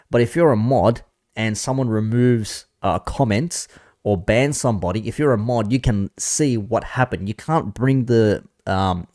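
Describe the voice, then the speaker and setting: A laid-back male streamer with a fairly low voice who rambles on and swears freely. His voice is close and dry on the mic, with no room sound around it. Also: a little mellow, dry recording. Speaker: commentary streamer. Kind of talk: casual live-stream commentary.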